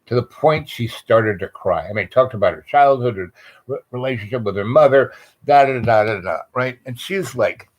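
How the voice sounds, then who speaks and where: A man's voice: mid-range voice, normal speed, rough recording. A man hosting a vlog, telling a meandering personal story with lots of fillers and restarts. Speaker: vlog host.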